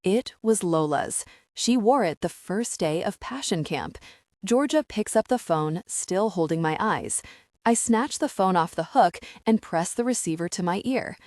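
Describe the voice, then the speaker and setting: A woman narrating a first-person thriller audiobook in a tense, steady storytelling manner. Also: mid-range voice, unhurried, dry recording, studio quality.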